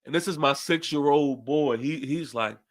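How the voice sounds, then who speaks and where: After a loss, a young man with a New York accent vents on his fan podcast in a slightly high voice at a moderate pace. His rant is emphatic, with phrases repeated again and again.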